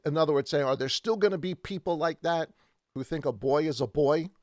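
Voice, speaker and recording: A man's voice: fairly high pitch, fairly quick, darkish tone, no room sound. Male co-host of a faith talk, emphatic and stop-start, recorded dry and close. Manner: emphatic, repeats words and restarts. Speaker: church podcast co-host. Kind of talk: casual faith discussion.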